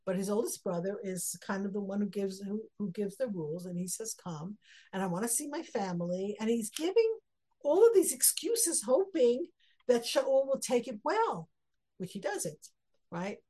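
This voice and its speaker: A woman's voice: mid-range voice, dark tone, husky. A woman teaching a text study class, reading verses aloud and then explaining them, acting out the quotes with rising emphasis. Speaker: Torah teacher.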